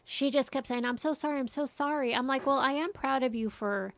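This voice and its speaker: A woman's voice: high-pitched, a little fast, dry recording. A middle-aged woman, a mother, telling a story in casual chat and acting out what others said. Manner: animated storytelling, quoting others.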